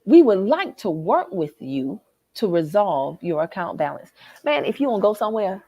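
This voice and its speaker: A Southern American woman hosts a livestream from a hotel lobby, animatedly reading comments and talking straight to her viewers. Her husky, slightly raspy, dark voice swings widely in pitch as she gets worked up, at a moderate pace. The recording is close and dry.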